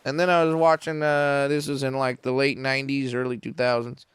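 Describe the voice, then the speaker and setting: A man's voice: medium pitch, level tone, brisk, clear, resonant tone, dry recording. A man in his forties, a comedian telling stories as a podcast guest in a small studio, joking, self-mocking and swearing freely. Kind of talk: casual podcast storytelling.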